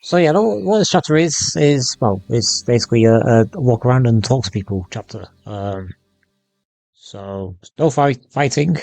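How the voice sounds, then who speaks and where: Croaky male game commentator, halting and casual, dry close sound. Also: mid-range voice, animated, a little mellow, no echo. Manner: rambling, halting with many ums. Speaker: let's play host.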